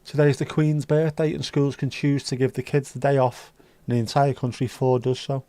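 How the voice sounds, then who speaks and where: A man's voice: mid-range voice, flat delivery, normal speed, dark tone, no echo. A man hosting a casual livestream, chatting with viewers in sweary, joking banter. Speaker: livestream host reading chat. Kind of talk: casual chat.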